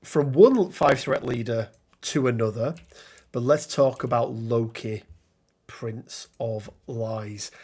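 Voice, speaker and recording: A man chats casually about a tabletop miniatures game. His talk is loose and conversational, full of ums and quick restarts, and he reads rules text aloud as he goes. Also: mid-range voice, a little mellow. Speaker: podcast co-host.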